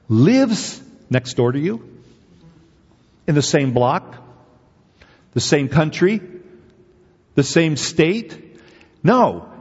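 Slow, husky-voiced pastor in a reverberant hall. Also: male voice, a little high. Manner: emphatic, conversational preaching with repeated rhetorical questions. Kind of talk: sermon. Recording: dull audio with long hall reverb.

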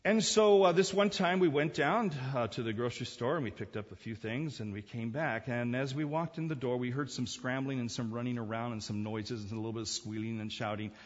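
A man preaching a sermon in a husky voice, moving between an easy storytelling tone and emphatic, repeated phrases. His voice carries a long hall echo. The recording is dull and lo-fi. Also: mid-range voice, brisk, hardly any pauses. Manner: conversational, repeats words when building emphasis. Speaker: pastor. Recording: echoey hall, dull lo-fi sound.

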